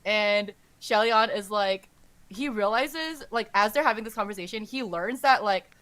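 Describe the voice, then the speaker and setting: A woman podcast host casually retelling a story's plot in a rambling, animated way, saying "like" all the time. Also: medium pitch, normal speed, no echo. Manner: rambling and animated, says "like" constantly.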